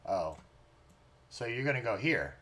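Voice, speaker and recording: A man's voice: mid-range voice, unhurried. Laughing game master man. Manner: laughs often, teasing and animated. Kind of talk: running a tabletop game.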